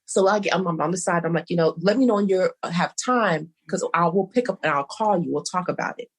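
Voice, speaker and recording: Her pitch is fairly low and her delivery fairly quick as she rambles through a long story on a casual podcast. The middle-aged co-host keeps quoting exchanges back and forth.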